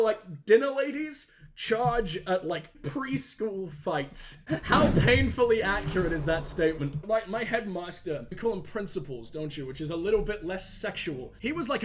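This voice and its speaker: A young man doing crude, joking, excitable gaming commentary. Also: high-pitched, slight background noise.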